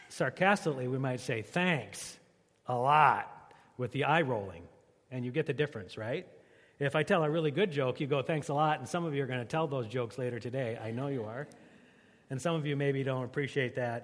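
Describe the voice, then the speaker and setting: A man's voice: medium pitch, long reverb tail. A man preaching a sermon as a pastor, in a joking, conversational way.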